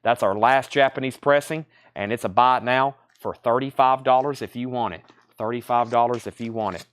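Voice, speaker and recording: A man's voice: mid-range voice, fairly quick, no echo. Tired man calling record prices. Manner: rattles off titles, grades and prices in a steady patter. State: tired, out of breath. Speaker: live sale host. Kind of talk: live-stream record sale, casual selling patter.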